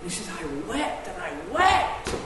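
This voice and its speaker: A high-voiced man delivers a sermon with lively, sweeping pitch. He drops to hushed asides and then rises to loud, emphatic declarations. The sound is distant, with long reverb in an echoey hall. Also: a little slow, heavy background noise. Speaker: preacher.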